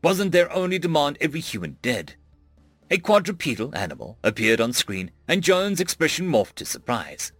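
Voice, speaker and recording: A man narrating a sci-fi audiobook with expressive storytelling. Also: fairly high pitch, moderate pace, no echo, soft background music.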